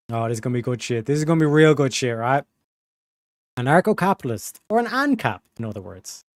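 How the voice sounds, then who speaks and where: Dude streaming, reading stuff out loud w sarcastic crude comments, dry close mic. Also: male voice, medium pitch, no echo. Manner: sarcastic asides, crude language. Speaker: livestreamer. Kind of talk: casual livestream, reading text aloud with commentary.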